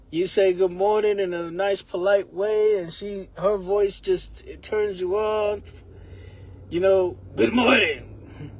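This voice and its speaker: A man's voice: high voice, flat delivery, slow, pauses often, a little mellow. A man giving a rambling comedic monologue, laughing often.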